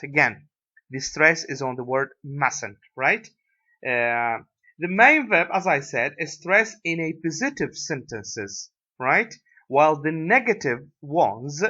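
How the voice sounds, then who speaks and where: Brief: man with an Iraqi accent, English teacher, bright voice, very slow and halting, dull lo-fi recording. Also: fairly high pitch, expressive. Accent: Iraqi Arabic. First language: Arabic. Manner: hesitant, many fillers, tag questions like "right?". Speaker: university English lecturer. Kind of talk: recorded lecture.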